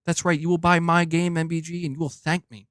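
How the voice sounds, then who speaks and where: A man's voice: fairly high pitch, flat delivery, brisk, a bit bright, no room sound, studio quality, lightly acted. A man voicing a smug, gloating male gaming-company boss who taunts and repeats his boasts.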